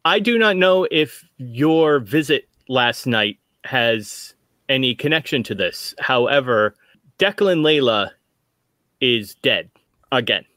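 A man voicing a stiff, formal corporate agent who speaks in a halting, measured way. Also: mid-range voice, lively intonation, pushed and bright, no room sound.

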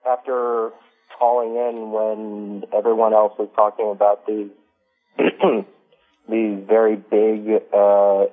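A man calling in to a radio show, speaking hesitantly and filling his sentences with ums and uhs. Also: fairly low pitch. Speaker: caller. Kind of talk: casual call-in chat. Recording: tinny phone line with faint music.

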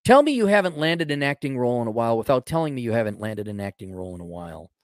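A middle-aged man hosts his own podcast with a voice of ordinary pitch. He reads articles out loud and cuts in with sardonic, mocking quips. The recording is dry and close, with no room echo. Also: big pitch swings, rapid-fire. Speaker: podcast host. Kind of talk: sarcastic commentary on read-out articles.

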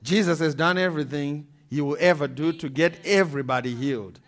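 A male pastor with a somewhat high voice preaches briskly, animated and emphatic. He repeats scripture references and laughs between points.

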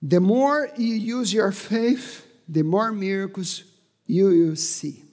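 A male pastor with preaching a sermon with fervor, often raising his voice to a shout. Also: sits high, slow. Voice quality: non-native English, slightly broken grammar. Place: church hall. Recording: long hall reverb.

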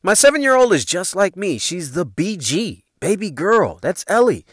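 A man in his forties with a Chicago accent rambles through stories in a loose, profane way, laughing at his own jokes. His voice sits a bit high and swings up and down with lively energy. The sound is dry, with no room in it. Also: normal speed, no room sound. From Chicago, USA. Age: 40s. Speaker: podcast host. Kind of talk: casual storytelling monologue.

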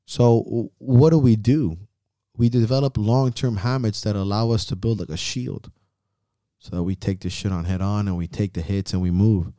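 A fairly low-voiced man hosts a podcast with an intense, profanity-heavy pep-talk manner. His tone is dark and mellow. The recording is close and dry, with no room sound. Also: moderate pace, no echo. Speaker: podcast host. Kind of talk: motivational podcast chat.

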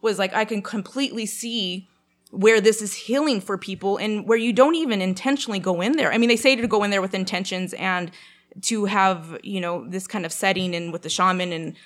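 A woman's voice: mid-range voice, brisk. Chatty woman telling a story. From Canada. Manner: animated, many fillers, acts out quotes. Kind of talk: casual storytelling chat.

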